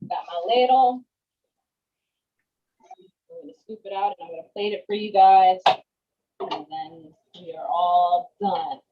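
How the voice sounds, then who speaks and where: A woman's voice: medium pitch, measured pace, long pauses. Woman, casual cooking demo, chatty, slangy, restarts often, muffled lo-fi call audio. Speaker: guest cook.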